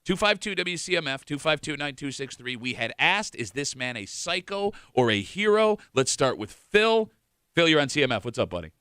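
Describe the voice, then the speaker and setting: A man hosts a call-in radio show with teasing, laughing banter. His voice is bright and lively, slightly high, and the studio sound is dry and close. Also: moderate pace, clean tone, no echo.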